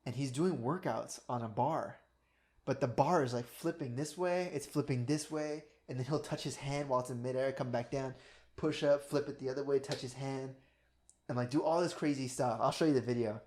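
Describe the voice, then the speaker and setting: A man's voice: medium pitch, brisk, a little mellow. A man co-hosting a podcast in casual chat, earnest and rambling, swearing often. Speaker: podcast co-host.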